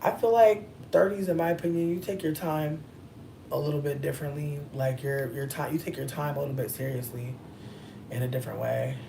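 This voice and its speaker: A woman's voice: sits low, steady tone, vocal fry, noisy background. Chatty, profane woman in her thirties. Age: 30s. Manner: chatty, profane, playful, drawn-out emphasis. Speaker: livestreamer answering chat. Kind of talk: casual livestream chat.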